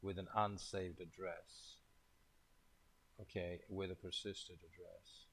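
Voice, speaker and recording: A man talks his way through a coding session, thinking aloud as he goes. His voice sits low and carries a gravelly fry. He drawls slowly, mutters half-finished remarks to himself and swears now and then. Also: flat delivery, a bit bright, rough recording. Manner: casual, mildly profane. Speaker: programmer leading a coding session.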